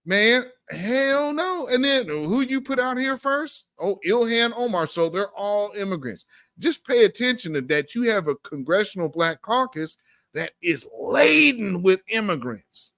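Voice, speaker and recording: Fired-up man with a high voice. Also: very animated, normal speed, a bit bright, dry recording, studio quality. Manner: emphatic, slangy, fired up, with laughs. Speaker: host of a political commentary show. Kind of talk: casual political commentary.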